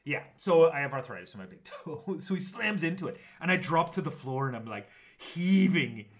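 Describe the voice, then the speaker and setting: Male podcast co-host, middle-aged, slightly high voice, lively and laughing storyteller. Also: normal speed. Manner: animated storyteller, laughs often, acts out quotes. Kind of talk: casual chat.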